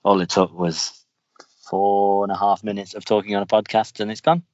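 A man's voice: fairly low pitch, flat delivery, moderate pace, darkish tone, no room sound. A man hosting a podcast, chatting casually and rambling through stories with restarts. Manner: rambling, storytelling with many restarts. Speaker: podcast host. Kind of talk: casual chat. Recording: dull lo-fi, faint music.

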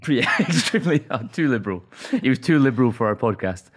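A man's voice: mid-range voice, animated, fast talker. A man with a Scottish accent hosting a podcast with dry, jokey banter. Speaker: podcast host. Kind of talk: casual chat.

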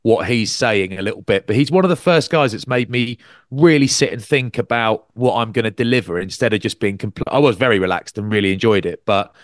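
A man's voice: brisk, dry recording, clean studio sound. A man co-hosting a rugby podcast, telling stories in casual chat and acting out quotes. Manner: animated storyteller, acts out quotes with big pitch jumps. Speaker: podcast co-host and rugby commentator.

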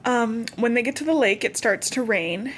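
A young woman chatting on a podcast as she recaps a story, slipping into quoted dialogue all the time. Her voice sits a little higher than most, with a faint hiss under the recording. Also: moderate pace. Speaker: podcast co-host. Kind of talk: casual chat recapping a novel.

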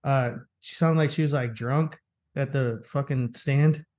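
A man's voice: medium pitch, fairly even intonation, a little slow, a little mellow. A young man co-hosting a podcast, swearing, joking and laughing through casual banter. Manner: profane, jokey, laughs often. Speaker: podcast co-host.

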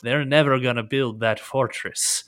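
A man voicing a stern, commanding pirate captain who gives curt, gruff orders. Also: medium pitch, steady tone, unhurried, fairly bright tone, lightly acted. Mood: boastful.

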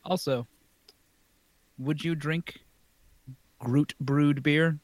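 A man's voice: a little high, steady tone, drawn-out words. A man co-hosting a casual podcast, tossing in joking asides. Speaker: podcast co-host. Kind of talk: casual chat.

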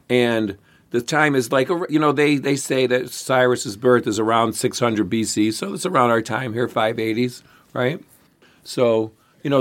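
A man co-hosting a casual history podcast, telling the story in a rambling way with many restarts. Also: medium pitch. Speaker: podcast co-host.

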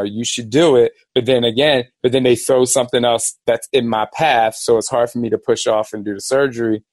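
A man hosting a podcast, telling a personal story in a rambling, animated way and acting out the voices of people in it. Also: mid-range voice, no room sound. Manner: animated, rambling, acts out quoted dialogue. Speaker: podcast host. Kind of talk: casual storytelling.

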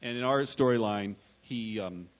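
A man's voice: medium pitch, moderate pace. A man on a live writers' panel, telling anecdotes in a rambling, self-interrupting way and acting out quotes.

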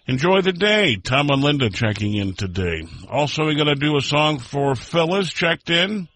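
A man's voice: on the high side, expressive, normal speed, fairly bright tone, no echo. A man hosting a polka radio show, chatting casually and rambling through friendly greetings to listeners. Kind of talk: casual radio chat with listener shout-outs.

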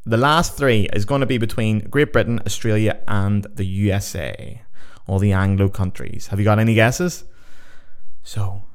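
A man hosting a podcast, counting down results like a game show in a sweary, jokey, excitable way while on a sugar high. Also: normal speed, clear, resonant tone. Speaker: podcast host.

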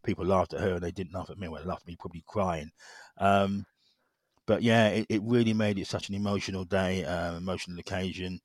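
A middle-aged man speaks as an interview guest in a very low voice. His talk is halting, full of repeated words and fillers. The sound is dry and close. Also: fairly even intonation, dry recording. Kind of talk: personal story in conversation.

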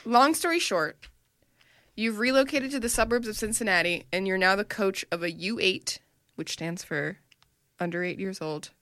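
A woman's voice: mid-range voice, normal speed, a bit bright, no echo, studio quality. A woman co-hosting a comedy podcast, teasing and bantering in casual chat. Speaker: podcast co-host.

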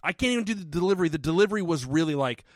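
A man co-hosting a podcast, telling a story in casual, profane chat with sudden loud outbursts. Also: fairly high pitch, lively intonation, very fast. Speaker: podcast co-host. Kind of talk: casual comedic recap chat.

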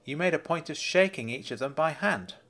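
A man's voice: a little high, lively intonation, a little fast, a bit bright, voice pushed up. A man voicing a polite bank manager. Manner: courteous, deferential, apologetic. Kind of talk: storybook reading.

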